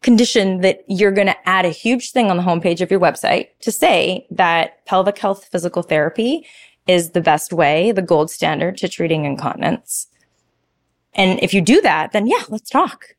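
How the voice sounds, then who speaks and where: Female guest, 30s; lively, filler-heavy storyteller; dry booth sound. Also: fairly low pitch, normal speed, dry recording. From Toronto, Canada. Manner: animated storyteller, chatty, many fillers. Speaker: guest, pilates instructor. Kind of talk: casual podcast interview.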